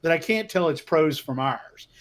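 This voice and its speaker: Brief: older male writer, co-host. Voice sits high and swings widely, animated and laughing, chatty with frequent restarts. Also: normal speed. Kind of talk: casual chat while playing a text game.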